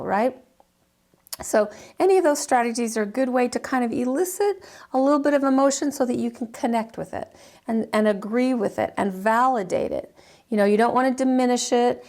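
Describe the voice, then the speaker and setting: A middle-aged woman gives an informal lesson on counseling skills, her voice sitting a little high. She talks in a loose, chatty way, full of fillers and restarts, and acts out short sample exchanges as she teaches. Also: normal speed, a little mellow. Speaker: counseling instructor.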